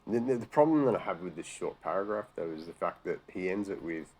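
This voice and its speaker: Australian male host, low register, profane, sarcastic, exasperated commentary. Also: expressive, fast talker, a little mellow, husky. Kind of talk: profane rant reacting to news articles.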